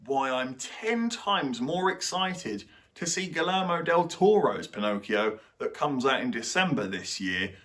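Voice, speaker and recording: A man's voice: mid-range voice, very animated, unhurried, a bit bright. A young man giving a blunt, sarcastic film review as the host of his channel.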